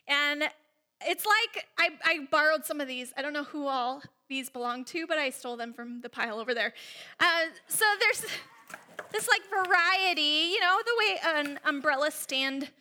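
Brief: woman preacher, high bright voice, expressive, has the room repeat lines after her. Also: moderate pace. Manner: expressive, leads the congregation in call-and-response. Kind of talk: sermon.

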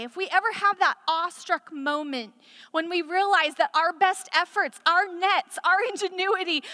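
A woman's voice: extremely high pitch, sharp tone, long reverb tail. A woman preaching a sermon in a chatty, conversational storytelling way, full of casual asides.

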